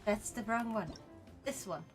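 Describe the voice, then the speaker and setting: A young Swedish-accented woman streams a game and banters playfully with her chat, breaking into quick laughs. Her medium-pitched voice carries over faint background music in this casual gaming talk.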